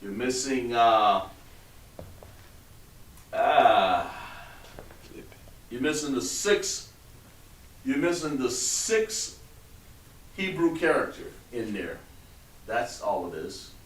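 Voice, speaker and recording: Male teacher, slow and patient, heard from across an echoey room. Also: mid-range voice, very animated. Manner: patient, coaxing, trails off while writing. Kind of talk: classroom instruction. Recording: roomy, distant mic with background noise.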